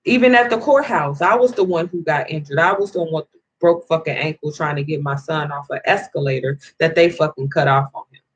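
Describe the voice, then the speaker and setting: A woman's voice: sits low, fairly quick, husky, poor audio. A woman in an angry, profane rant to camera, swearing heavily and rambling with restarts as she vents. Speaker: vlogger.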